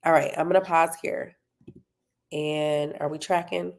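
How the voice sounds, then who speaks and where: A woman's voice: deep voice, little pitch movement, a little slow, gravelly. A woman running a parenting talk, encouraging and checking in with her listeners as she promotes her tutoring company. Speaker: parenting coach and tutoring business owner.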